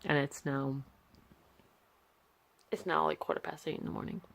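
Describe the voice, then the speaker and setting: Sleepy rambling young woman, low voice. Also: steady tone, normal speed, vocal fry. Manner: rambling, self-deprecating, many fillers. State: sleepy, yawning. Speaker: artist vlogger. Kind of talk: casual sketchbook tour chat.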